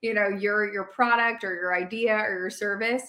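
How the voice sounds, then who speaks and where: A woman's voice: medium pitch, steady tone, moderate pace, bright, forceful tone. A woman hosting a casual interview chat and explaining her point in a thoughtful way. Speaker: podcast host.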